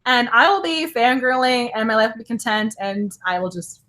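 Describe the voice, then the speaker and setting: A woman chatting casually in a book vlog, excitable and giggly, rambling and correcting herself as she tells stories. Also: fairly high pitch, moderate pace. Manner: giggly and excitable, laughs often; rambling, self-correcting storytelling. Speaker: book vlogger. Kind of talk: casual chat.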